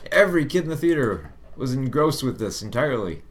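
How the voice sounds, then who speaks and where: A man's voice: medium pitch, sing-song, fairly quick. A man hosting a casual film review podcast, chatty, laughing often and repeating words as he starts sentences. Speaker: show host, film reviewer.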